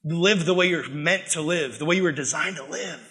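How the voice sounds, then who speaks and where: This young man preaches to a room of students in a loose, playful way, jumping into little acted-out voices as he tells his stories. His voice sits high for a man and rings bright and forceful. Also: moderate pace. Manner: animated, joking, acts out quoted voices. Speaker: youth pastor. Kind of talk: casual sermon to students.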